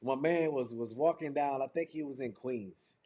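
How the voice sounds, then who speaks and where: A man's voice: mid-range voice, normal speed, mellow. A man leading a motivational sales training over a video call, talking in fervent, repetitive build-ups like a preacher. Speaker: business trainer.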